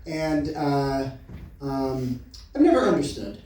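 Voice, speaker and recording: A man with a high voice performs a stand-up set, rambling through mock-grand impressions and laughing at his own jokes. He is picked up from a distance in a very echoey small venue, with the audience clearly audible. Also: lively intonation, a little slow. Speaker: stand-up comedian. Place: small comedy venue before a live audience. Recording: echoey room from far off, crowd audible.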